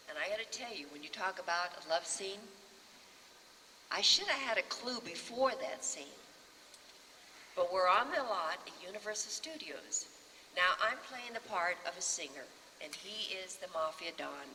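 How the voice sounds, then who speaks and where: Bright-voiced woman telling stories in a hall. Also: lowish voice, normal speed. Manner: lively, acts out other people's lines. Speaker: actress on a festival panel. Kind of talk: storytelling anecdote. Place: festival panel in a hall. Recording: reverberant hall, faint background hum.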